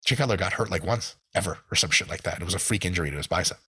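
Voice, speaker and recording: A man's voice: sits low, very fast, bright, forceful tone, slightly rough. A man in casual podcast chat, ranting animatedly with plenty of swearing. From United States. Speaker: podcast guest.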